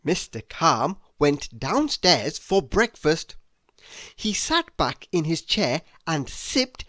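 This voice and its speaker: A man reading a children's picture book aloud in a slow, expressive storytelling voice. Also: high voice, no room sound, clean studio sound. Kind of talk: children's read-aloud narration.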